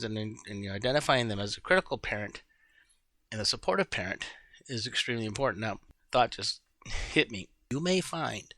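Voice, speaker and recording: A man's voice: mid-range voice, sharp tone, dry recording. A middle-aged man, a life coach, giving a casual, rambling talk to his group and often searching for words.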